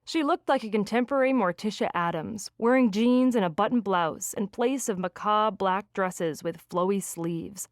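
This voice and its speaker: A woman reading a first-person romance audiobook with lively, expressive delivery on a close studio mic. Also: mid-range voice, normal speed, hardly any pauses, no room sound. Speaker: audiobook narrator.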